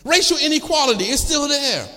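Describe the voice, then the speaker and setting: A man with a very high, bright voice preaches with passion, repeating his lines and climbing to shouts. His words ring out in a church with a long reverb trailing behind him. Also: lively intonation, brisk. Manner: impassioned, repetitive, rising to shouts. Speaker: church congregational director. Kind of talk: sermon. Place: church sanctuary.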